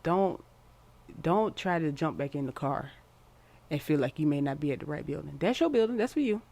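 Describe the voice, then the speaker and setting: A woman casually giving a tarot reading to her viewers, encouraging and repeating herself, with sudden excited jumps in pitch. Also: moderate pace, gravelly. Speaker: tarot card reader.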